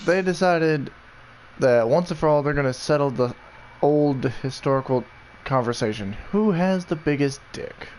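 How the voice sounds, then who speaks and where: A man's voice: on the high side, lively intonation, normal speed, darkish tone, slight background noise. Laid-back man joking on voice chat. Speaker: gamer chatting with friends. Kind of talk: casual voice chat.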